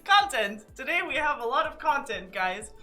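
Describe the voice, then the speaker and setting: A woman's voice: high-pitched, very animated, normal speed, bright, forceful tone. A woman co-hosting a live music stream, chatting casually and laughing through nearly every sentence. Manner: laughs constantly, giggly and rambling. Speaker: co-host of a music stream show. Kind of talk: casual giggly stream chat.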